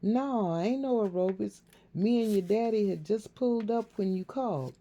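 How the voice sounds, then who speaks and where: A woman's voice: medium pitch, moderate pace, mellow, muffled recording, pitched above the performer's own voice, natural voice. A woman voicing an older mother who is out of breath and talks in a drawling, colloquial way. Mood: chatty, relieved.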